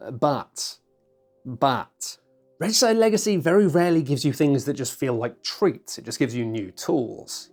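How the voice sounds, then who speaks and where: A board game reviewer talking to camera in a chatty, self-mocking way, acting out players' lines in mock voices. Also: medium pitch.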